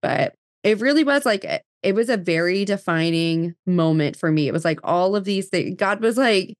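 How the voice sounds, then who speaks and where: A woman's voice: lowish voice, animated, moderate pace, dry recording, clean studio sound. A woman in her thirties from New Jersey, a podcast guest telling her story in casual chat full of fillers and quoted dialogue.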